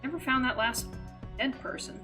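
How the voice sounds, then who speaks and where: A woman's voice: high-pitched, normal speed, over music, poor audio. A woman streamer giving playful, self-mocking commentary while playing a game live.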